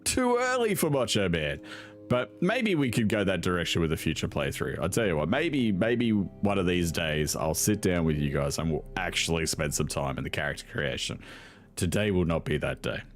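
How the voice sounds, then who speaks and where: Deep-voiced, animated sarcastic male gamer. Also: normal speed, faint music behind. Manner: sarcastic, swears freely, laughs often. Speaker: gaming video host. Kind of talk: casual gameplay commentary.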